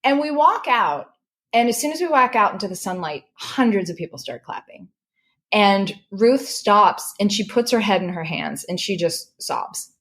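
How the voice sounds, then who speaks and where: Middle-aged woman, emotional storyteller, animated, mid pitch, restarts a lot. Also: moderate pace. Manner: animated, restarts when moved. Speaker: podcast guest, correspondent.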